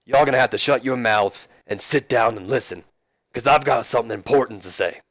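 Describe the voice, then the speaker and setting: A man's voice: mid-range voice, fairly quick, a bit bright, dry recording, clean studio sound. A man doing a drawling tough-guy wrestler. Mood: taunting. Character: impression of a rough-talking Texan wrestler.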